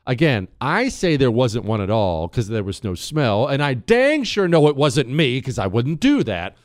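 Joking talk radio host, dry studio. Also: male voice, mid-range voice, normal speed, no room sound. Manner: animated, joking, mock-indignant. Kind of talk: talk radio monologue and reading listener emails.

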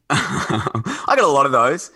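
A man's voice: mid-range voice, wildly swooping pitch, slow, pushed and bright, breathy edge, dry recording. A man chatting casually as a podcast guest, rambling with lots of fillers and restarts.

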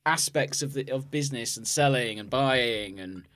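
A man's voice: medium pitch, moderate pace, fairly bright tone. An English man co-hosting a podcast, chatting casually with blunt, wry remarks. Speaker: podcast co-host. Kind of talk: casual chat.

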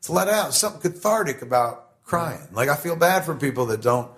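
Profane, animated middle-aged man. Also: on the high side, fairly quick. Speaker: guest. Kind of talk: casual podcast conversation.

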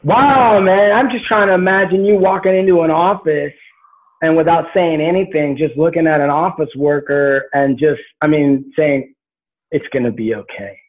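High-voiced man over a tinny line. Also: fairly even intonation, normal speed. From United States. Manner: passionate, emphatic talker. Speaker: podcast guest. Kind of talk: casual conversation.

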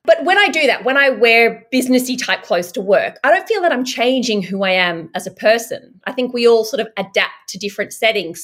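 A woman's voice: mid-range voice, a bit bright. A woman co-hosting a casual chat, musing aloud and arguing both sides of a question. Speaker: podcast co-host.

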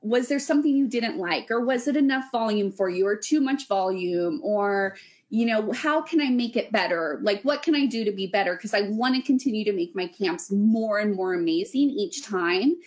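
A woman's voice: mid-range voice, expressive, normal speed, a little mellow. A young adult woman, a weightlifting coach, talking earnestly and rambling with lots of fillers in a casual podcast chat. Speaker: weightlifting coach running women's camps.

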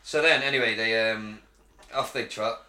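Excitable swearing podcast host. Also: male voice, fairly low pitch, moderate pace. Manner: excitable, heavy swearing, animated storytelling. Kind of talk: casual chat. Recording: roomy echo.

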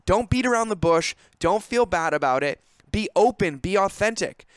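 A man's voice: high voice, a bit bright, dry recording, studio quality. A man hosting a podcast, giving a direct, coaching business monologue that turns emphatic. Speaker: podcast host.

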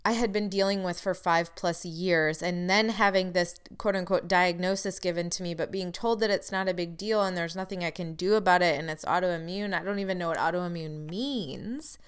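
A woman's voice: fairly low pitch, moderate pace, few pauses, smooth. A woman telling a personal story in a candid, frustrated way, with wry asides.

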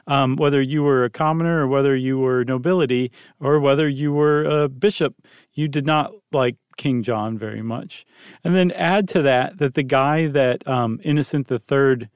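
A man's voice: medium pitch, normal speed, clear, resonant tone, no echo. A man co-hosting a podcast, talking casually through history with many ums and dry jokes. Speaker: podcast co-host.

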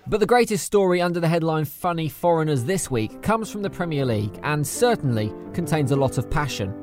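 Sarcastic comedy narrator. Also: male voice, a little high, expressive, a little fast, darkish tone, faint music behind. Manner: dry, sarcastic. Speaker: host. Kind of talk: sardonic scripted comedy narration.

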